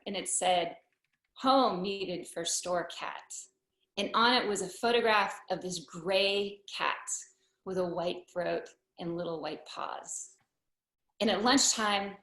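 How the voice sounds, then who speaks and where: A woman tells a personal story on stage, taking her time over each phrase. Her humor is dry, and she delivers her asides deadpan. Her voice carries a roomy echo from the hall. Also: medium pitch.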